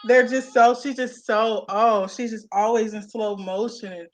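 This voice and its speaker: A young woman co-hosting a casual chat, animated and playful, laughing often. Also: fairly high pitch, measured pace. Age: young adult. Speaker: co-host.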